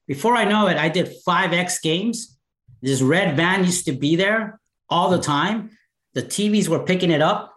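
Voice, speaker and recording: A man telling stories in casual chat as a guest, animated and acting out the voices of the people in his stories. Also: fairly high pitch, fairly quick. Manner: animated, acts out quoted dialogue. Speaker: podcast guest. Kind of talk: casual storytelling. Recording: roomy echo.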